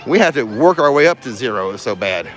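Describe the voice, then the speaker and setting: Speaking quickly in a mid-range, somewhat bright voice with big pitch swings, this vlogger chats and jokes with viewers during a casual theme park livestream. Music can be heard clearly behind him.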